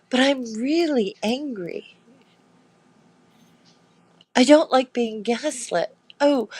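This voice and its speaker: A woman's voice: medium pitch, darkish tone, poor audio. A woman hosting a casual chat, telling a story with indignation and swearing. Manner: indignant, swearing, acts out quotes. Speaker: host.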